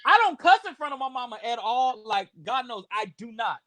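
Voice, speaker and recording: A man from Houston co-hosting a casual chat, animated and profane, with stammering restarts. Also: very high voice, brisk, a loud crowd. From Houston, Texas. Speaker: co-host.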